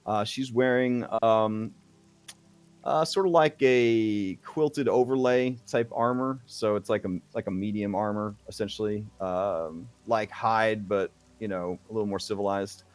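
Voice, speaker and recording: A man narrating a tabletop game as game master, in a halting way full of fillers. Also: fairly low pitch.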